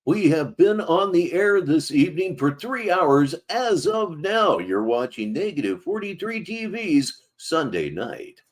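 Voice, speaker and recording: A man's voice: a little high, big pitch swings, measured pace, hardly any pauses. A man hosting a commentary show, making dry, sarcastic asides.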